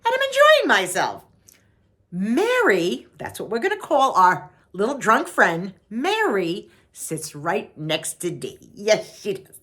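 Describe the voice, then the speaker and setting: A woman's voice: medium pitch, big pitch swings, slow pace, a bit bright. An older woman with a New York accent, from Long Island, telling a casual story in a chatty voice. She repeats herself often. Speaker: vlogger.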